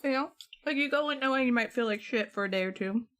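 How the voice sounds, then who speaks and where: A woman's voice: on the high side, fast talker, a bit bright. A young woman streaming from home, chatting casually and answering her live chat as she goes. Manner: chatty, reads and answers chat messages, rambling.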